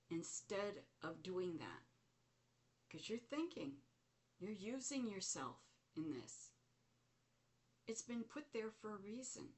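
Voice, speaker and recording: Middle-aged female host with a low voice and an unhurried, reflective storytelling delivery. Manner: slow, reflective, animated when recounting. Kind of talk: casual spoken storytelling.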